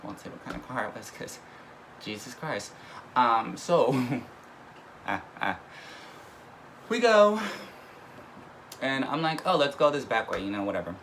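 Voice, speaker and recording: A young man in the middle of a casual story, swearing freely and laughing between lines. His voice sits at an everyday middle pitch, and a steady hiss of background noise runs under the recording. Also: measured pace, pauses often, low-quality recording. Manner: animated, profane, laughs mid-story. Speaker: vlogger.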